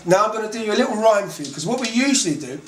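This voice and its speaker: A man's voice: high voice, sing-song, roomy sound, slight background noise. A man with a Cockney London accent teaching slang in a casual lesson, chatty and often checking in with "okay". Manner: chatty, repeats "okay" often, slow deliberate words. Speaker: English teacher.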